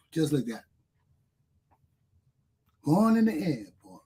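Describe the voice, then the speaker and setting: Husky Liberian man ranting. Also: sits high, moderate pace, a little mellow. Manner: impassioned, bitter laughter, outbursts. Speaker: commentator. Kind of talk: ranting solo commentary.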